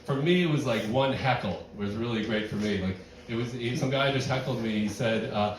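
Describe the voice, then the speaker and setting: A man's voice: mid-range voice, wildly swooping pitch, normal speed. A middle-aged man performing a stand-up comedy set in a rambling, self-deprecating way, filling his talk with "like" and "you know". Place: barn music venue with live audience. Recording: echoey room, distant mic, crowd laughter.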